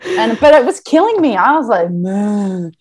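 A woman talking as a podcast guest in a casual interview, chatty and animated with plenty of fillers. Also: high-pitched, fairly quick. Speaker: podcast guest, marketing business owner.

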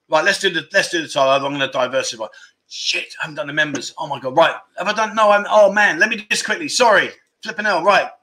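Male livestream host, middle-aged, bright slightly high voice, loose rambling delivery. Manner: chatty, self-interrupting, laughing at his own slips. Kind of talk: casual livestream chat.

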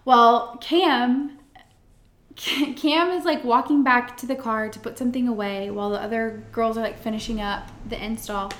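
A woman co-hosting a podcast, telling a long story in an animated casual way, full of "like" fillers. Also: fairly high pitch, moderate pace, roomy sound. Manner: animated storyteller, acts out quotes, many "like" fillers. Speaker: podcast co-host, event florist.

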